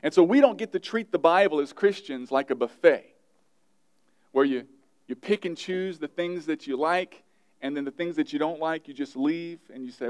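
A man's voice: on the high side, moderate pace, a little mellow. A male pastor, around his thirties, preaching an emphatic sermon and repeating his key phrases.

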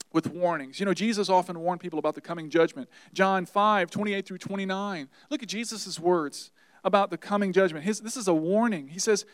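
Earnest higher-voiced male preacher. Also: moderate pace, dry recording. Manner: earnest storytelling preacher, shifts between quiet and emphatic. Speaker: pastor. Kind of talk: sermon.

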